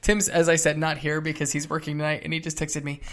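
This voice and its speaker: A man's voice: a little high, little pitch movement, quick pace, a bit bright. A man co-hosting a podcast in casual chat, joking and rambling, often tripping over his words. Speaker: podcast co-host. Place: apartment.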